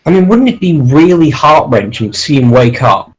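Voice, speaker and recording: Animated man spinning fan ideas. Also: normal speed, rough recording. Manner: eager, rambling storyteller who pitches plot ideas. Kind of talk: casual chat with a friend.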